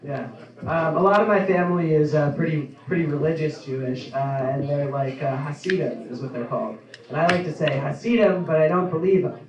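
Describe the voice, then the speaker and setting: A young adult man performing a stand-up comedy set in a club, in an offhand, halting delivery full of ums. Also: fairly high pitch, darkish tone, lo-fi sound. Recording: echoey club from a distance.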